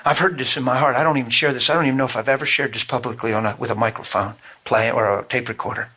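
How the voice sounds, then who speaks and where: A man's voice: medium pitch, fairly even intonation, racing, bright, forceful tone, breathy edge. A man preaching a sermon, telling a personal story with fervent, emotional storytelling.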